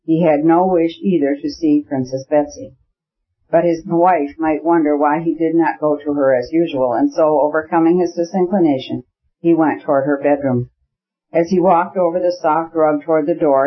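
Guy reading a classic novel, kinda high voice, steady pace, dull lo-fi sound. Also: husky. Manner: measured, even reading. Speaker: audiobook narrator. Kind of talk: scripted narration. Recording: dull lo-fi audiobook recording.

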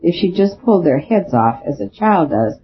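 Audiobook priest-sleuth: a small, careful, musing man, read by a male narrator, a touch high, faint hiss. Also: big pitch swings, moderate pace. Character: small, thoughtful male priest detective, quietly curious. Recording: dull lo-fi recording with faint hiss.

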